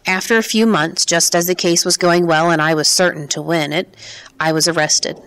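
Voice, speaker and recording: A woman reading the lines of a frail, grieving old man who speaks quietly and slowly in an audiobook. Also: lowish voice, fairly even intonation, clear, resonant tone. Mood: weary. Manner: quiet, measured.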